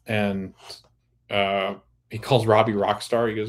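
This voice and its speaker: A man's voice: lowish voice, level tone, slow, long pauses. A man hosting a podcast, recapping a TV episode in a casual, rambling way with many restarts. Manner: rambling, full of restarts and "like", laughs at times. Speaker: podcast host.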